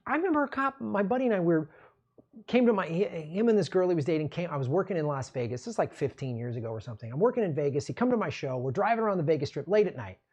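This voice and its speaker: A man's voice: on the high side, lively intonation, very fast, darkish tone, slightly rough, dull audio. A man hosting a political commentary show, ranting in an angry, sarcastic and profane way.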